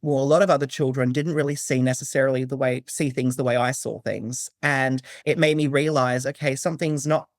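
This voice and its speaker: An earnest man tells a personal story as a podcast guest, animated and full of restarts. His voice sits at an everyday middle pitch. The sound is close and dry. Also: fairly quick, hardly any pauses, no room sound. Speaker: guest, psychic medium. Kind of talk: conversational storytelling.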